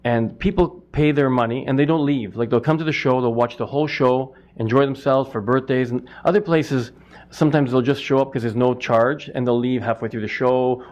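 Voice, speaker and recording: A middle-aged Canadian who works as both a stand-up comic and a butcher answers interview questions, rambling and interrupting himself. His voice is mid-range with a darkish tone, and the audio sounds dull.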